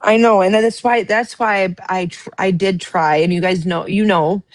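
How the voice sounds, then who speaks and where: A woman's voice: medium pitch, steady tone, normal speed, no room sound. A woman hosting a casual livestream, reading out text messages and telling her side of a dispute in a blunt, profane way. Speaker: livestream host.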